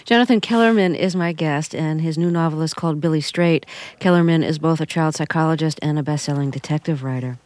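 Interview host, mid-pitched voice, brisk questions, dry studio sound. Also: a little mellow, no echo. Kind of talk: radio interview.

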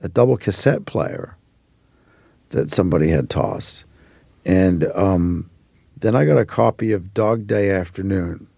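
A man in his forties from Australia who now speaks with an American accent, telling rambling stories as an actor guest in a relaxed interview. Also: deep voice, measured pace, creaky, breathy edge, no room sound. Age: 40s. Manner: rambling anecdotal storyteller.

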